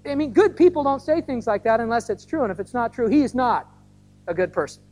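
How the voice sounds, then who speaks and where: A woman preaching an Easter sermon outdoors in a conversational, animated way, acting out quoted voices. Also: a little high, a little fast, poor audio. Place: outdoor gathering.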